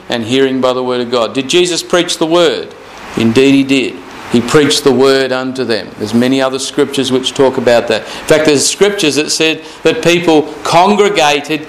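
Man preaching, slightly high voice, drawn-out emphatic scripture lines, faint hiss behind. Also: rough recording. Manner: slow, emphatic repetition of scripture phrases. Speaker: pastor. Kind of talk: sermon.

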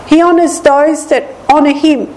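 A female preacher teaches from the Bible slowly and deliberately, repeating every key line in a high yet mellow, soft-edged voice. Her tone stays steady, the audio is poor, and a faint room hum sits in the background.

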